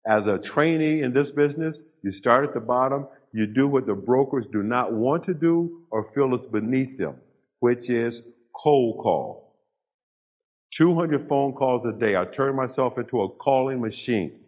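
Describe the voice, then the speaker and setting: An older man speaking to a live audience and telling his story. He talks in a mid-range voice, pausing for effect and building to emphatic peaks. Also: medium pitch, animated, muffled recording. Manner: storytelling with dramatic pauses and rising emphasis. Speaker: motivational speaker.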